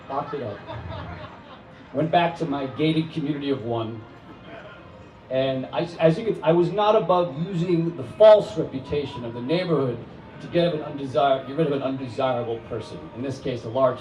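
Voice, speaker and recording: A man telling a true story live on stage, conversational, wry and animated. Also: mid-range voice, echoey room, recorded from a distance, slight background noise, rough recording. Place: stage before an audience.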